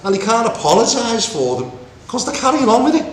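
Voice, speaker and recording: A man preaching a Bible teaching, animated and acting out the voices in the story. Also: extremely high pitch, a little fast, slight background noise. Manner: animated, acts out voices of God and Moses. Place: meeting room with congregation. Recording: echoey room with faint ambience.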